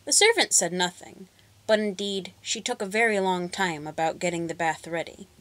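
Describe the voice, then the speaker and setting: A woman reading a fairy tale aloud, narrating in an expressive, measured way. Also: fairly low pitch. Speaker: storyteller. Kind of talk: storybook reading.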